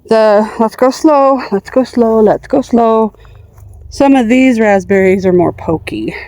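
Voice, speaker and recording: A woman's voice: fairly high pitch, measured pace, mellow, no room sound. A middle-aged woman chatting casually as she walks through her garden, talking to her dogs and plants, her voice going in and out. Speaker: gardening vlogger. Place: outdoors in a backyard garden.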